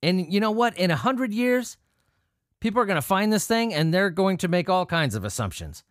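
A man's voice: high voice, big pitch swings, normal speed, dry recording, clean studio sound. A man hosting a podcast, talking in a sarcastic, profane and rambling way. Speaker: podcast host. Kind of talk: casual podcast monologue.

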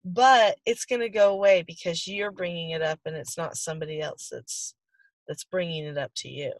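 A woman's voice: on the low side, normal speed, dry recording. A woman who is a foster parent, talking about her experiences in a casual, earnest podcast conversation. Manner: earnest, heartfelt storytelling.

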